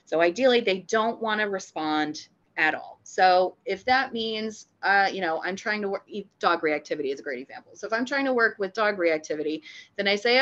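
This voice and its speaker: A woman who is a dog trainer and veterinary behavior technician, giving a lively, playful training lecture. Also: mid-range voice, fairly quick, highs cut off. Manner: upbeat and playful, acts out dog reactions.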